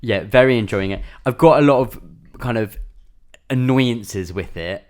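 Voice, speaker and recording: Speaking in an unhurried, mid-range voice, a man co-hosting a podcast chats casually and rambles, leaning on lots of fillers.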